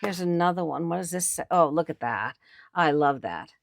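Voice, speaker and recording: A woman's voice: on the low side, expressive, normal speed, creaky, no room sound. A woman host chatting on camera at an estate sale, showing finds to viewers with chatty enthusiasm. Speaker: antiques picker and channel host. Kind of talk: casual on-camera commentary.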